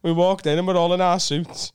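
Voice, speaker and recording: British man telling jokey stories, smooth voice. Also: high voice, level tone, darkish tone, no room sound. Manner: storytelling, quick banter with laughs. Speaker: podcast guest. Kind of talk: casual comedic chat.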